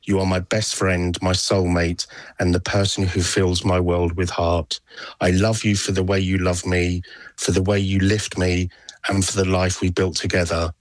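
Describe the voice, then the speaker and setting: A man calmly reading out a tender love letter he wrote to his husband. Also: low voice, no echo. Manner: calm, measured, tender.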